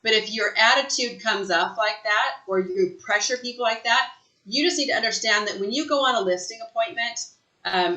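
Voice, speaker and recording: A woman giving an energetic sales training talk, emphatic and fond of asking "right?" after her points. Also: medium pitch, echoey room, poor audio. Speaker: real estate sales trainer. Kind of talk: live online training talk.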